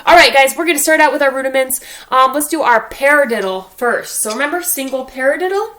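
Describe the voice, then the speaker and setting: A woman's voice: sits high, expressive, a little fast, a bit bright, reverberant. A woman teaching a drum lesson to young students, counting aloud and encouraging them step by step. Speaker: music teacher. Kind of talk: online drum lesson for children. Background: drumstick clicks on a practice pad.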